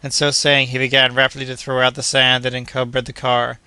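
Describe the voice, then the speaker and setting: A male audiobook narrator with a bright, crisp voice reads in a steady, measured way. His pitch stays quite flat, and the recording is dry and close. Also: dry recording. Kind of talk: scripted narration.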